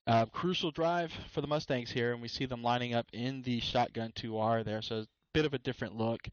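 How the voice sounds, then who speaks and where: A man's voice: medium pitch, fairly quick, smooth, dry recording, dull audio. A man doing easygoing color commentary on a football game, with frequent fillers and hedges. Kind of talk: casual game analysis.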